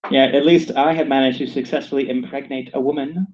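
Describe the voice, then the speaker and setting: A man from Saint Louis co-hosting a comedy podcast, rambling and joking in an animated way, recorded inside a yurt. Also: fairly quick, slight background noise. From Saint Louis, USA. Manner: animated, rambling, acts out quotes in high voices. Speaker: podcast co-host. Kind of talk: casual comedic chat. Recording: lo-fi, dull recording.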